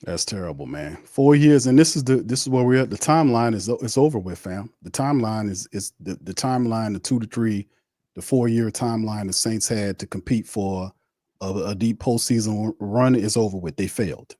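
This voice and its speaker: A man hosts a live sports watch party, ranting bluntly and circling back over the same points. His voice sits on the low side and sounds dry and close. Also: normal speed, warm tone, dry recording. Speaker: sports podcast host.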